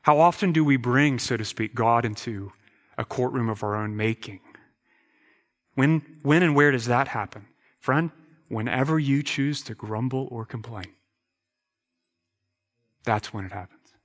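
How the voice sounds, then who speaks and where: A man's voice: medium pitch, a little slow, pauses often. A man preaching a sermon, emphatic, posing rhetorical questions and often repeating words as he goes. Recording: reverberant hall.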